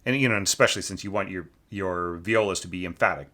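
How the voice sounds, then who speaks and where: Speaking quickly in a low, sharp voice, a man gives an offhand critique of a student's orchestration. He's the teacher reviewing the score, using plenty of fillers and tag questions while humming and scatting phrases.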